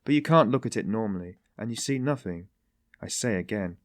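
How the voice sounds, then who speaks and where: A man's voice: fairly low pitch, animated, a little fast, no room sound, clean studio sound, natural voice. A man voicing a sly, genial detective who teases in a mocking, ironic way. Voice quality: tittering, mocking.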